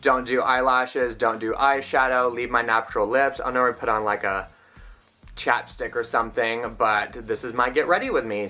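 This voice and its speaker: A man's voice: medium pitch, normal speed, bright, forceful tone, faint music behind. A young man chatting through a makeup tutorial in a casual, self-mocking way. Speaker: vlogger.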